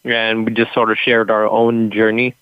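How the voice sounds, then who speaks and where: A man from California calling into a show, his speech halting and stumbling because his mouth is numb from the dentist. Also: fairly low pitch, monotone, clear, resonant tone, no echo, muffled recording. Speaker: caller.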